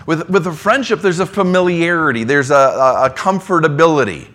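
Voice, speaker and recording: A man preaching a sermon in a conversational way, dropping into soft low asides between emphatic lines. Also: animated, fairly quick. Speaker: pastor.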